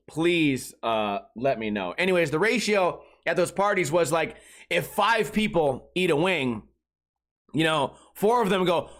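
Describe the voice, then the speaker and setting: A man in his thirties with a somewhat high voice hosts a loose comedy podcast. He rambles crudely and swears freely, stringing his thoughts together with constant filler words. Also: a bit bright. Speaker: podcast host. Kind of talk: casual comedic podcast monologue.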